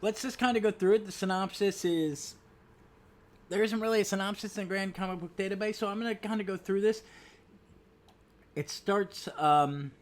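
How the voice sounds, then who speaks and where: A man's voice: sits high, moderate pace, pauses often. A man hosting a casual comic book podcast, chatty, with frequent ums and restarts. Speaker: podcast host.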